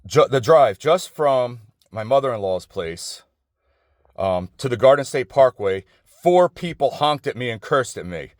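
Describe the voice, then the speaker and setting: A man's voice: medium pitch, expressive, measured pace, no echo, clean studio sound. A middle-aged man, talking outdoors in a rambling, digressive, profane personal monologue full of restarts. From New Jersey. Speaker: vlogger. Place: outdoors outside an office building.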